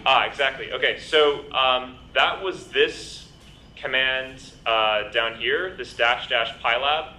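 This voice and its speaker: A man's voice: medium pitch, takes it slowly, sharp tone. A man teaching a programming class live, working through examples and filling his talk with ums and you-knows. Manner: explains with many ums and you-knows, asks "right?". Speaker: bootcamp instructor. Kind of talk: live lecture with coding demo. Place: lecture hall. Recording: echoey lecture room with faint noise.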